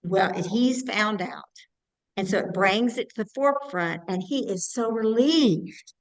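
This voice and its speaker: Woman class participant on a video call, mid-pitched, earnest, explains with examples. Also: a little slow, poor audio. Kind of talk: online class discussion.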